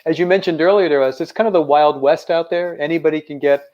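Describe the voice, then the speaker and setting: A man co-hosting a podcast who asks an enthusiastic, halting question in a casual interview. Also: fairly high pitch, fairly even intonation, darkish tone, highs cut off. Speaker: podcast co-host.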